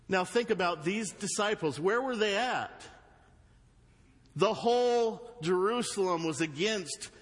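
Emphatic Southern preacher in a reverberant hall. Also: male voice. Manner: swings from loud emphatic bursts to low earnest asides. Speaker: pastor. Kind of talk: sermon. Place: church sanctuary.

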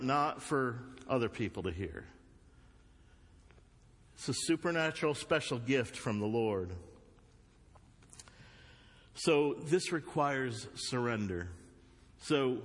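A male pastor with a Southern US accent, preaching a sermon with loud emphatic bursts and quieter earnest asides. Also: mid-range voice. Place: church sanctuary. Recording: long hall reverb.

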